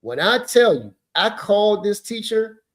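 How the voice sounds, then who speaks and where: A man in his fifties, a podcast host telling a story in an emphatic, animated way. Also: high voice, a little slow.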